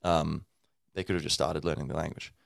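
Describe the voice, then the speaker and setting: A man's voice: very deep voice, fairly even intonation, a little fast, gravelly, dry recording, clean studio sound. A man hosting a podcast, speaking in a loose, rambling monologue full of fillers and sounding tired from little sleep. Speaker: podcast host.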